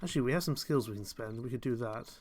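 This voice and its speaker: A man's voice: mid-range voice, fast, darkish tone. A young man chatting through a live gameplay stream, rambling and self-mocking, chuckling often. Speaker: game streamer. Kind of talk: casual live gameplay commentary.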